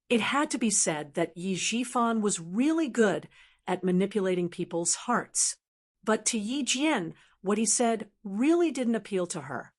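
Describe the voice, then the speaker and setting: Woman narrating a web-novel audiobook. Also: mid-range voice. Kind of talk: scripted narration.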